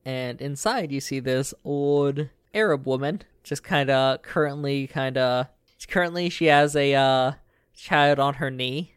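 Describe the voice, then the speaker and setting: A man narrating a tabletop game as game master, casual and halting, with lots of fillers. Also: mid-range voice, clean tone, no echo.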